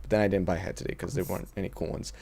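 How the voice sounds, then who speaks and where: A man's voice: low-pitched, little pitch movement, racing, creaky, a little mellow, husky. A young man co-hosting a podcast, telling a profane story in casual chat. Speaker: podcast co-host.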